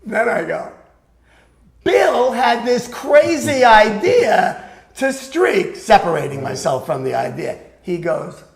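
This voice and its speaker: Slow and creaky with a high voice, an older man shares stories from his music career as an interview guest, bringing them to life by acting out other people's voices. The recording carries the echo of the room.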